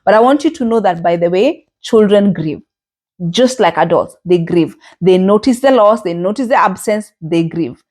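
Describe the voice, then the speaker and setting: A middle-aged woman hosting a podcast, talking reflectively and earnestly in a gentle way, with frequent fillers and restarts. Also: medium pitch, lively intonation, moderate pace. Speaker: podcast host. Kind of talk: reflective solo podcast talk.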